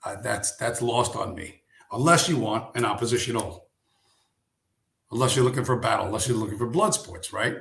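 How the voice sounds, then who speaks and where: A man's voice: on the low side, a little fast, creaky, a bit bright, reverberant. A man hosting a live stream, ranting in a casual way, sarcastic and profane, firing off rhetorical questions.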